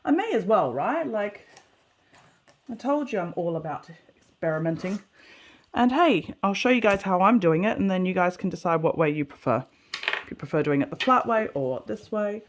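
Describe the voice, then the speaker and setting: A woman's voice: medium pitch, animated, normal speed, a little hiss or hum. A woman with an Australian accent, chatting casually through a sew-along video, talking to herself and laughing at her own mistakes as she works. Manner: chatty, self-deprecating, talks to herself while working. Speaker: sewing vlogger.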